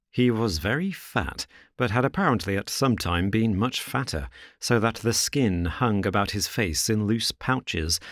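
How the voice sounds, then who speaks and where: A man narrating a classic detective story in a measured, even reading. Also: on the low side, no room sound, clean studio sound. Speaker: audiobook narrator. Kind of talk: scripted narration.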